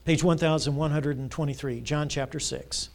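A male pastor preaching a Sunday sermon, asking the congregation to fill in words and building to loud, emphatic passages. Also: on the high side, fairly even intonation, moderate pace, vocal fry. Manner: call-and-response questions, rising to loud emphatic preaching. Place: church sanctuary. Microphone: church sound system mic.

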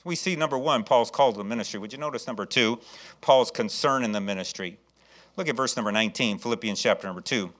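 A man's voice: mid-range voice, fast. A man preaching a sermon, telling stories with lots of fillers and repeated words, then rising in enthusiasm as he urges his listeners on. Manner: storytelling, acts out voices, jokes with the congregation; enthusiastic preaching, rising loud when exhorting. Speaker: pastor.

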